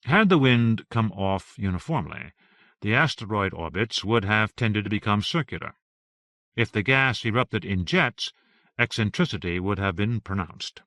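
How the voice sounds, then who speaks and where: A man narrating an audiobook in a steady, even reading. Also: fairly low pitch, no echo, studio quality.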